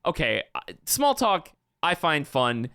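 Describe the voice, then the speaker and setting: A man's voice: on the high side, sing-song, slow pace, pushed and bright, clear, resonant tone, no room sound, studio quality. A man co-hosting a comedy podcast, talking in a casual, ironic way. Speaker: podcast co-host.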